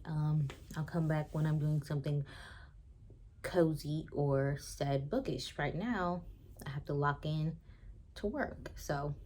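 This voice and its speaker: A woman's voice: low voice, dark tone, slight background noise. A young woman vlogging casually at home about books and her day. She sounds chatty and upbeat and fills her talk with "like" and "um". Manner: chatty and upbeat, with frequent fillers. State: pregnant. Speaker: book vlogger. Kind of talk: casual vlog chat.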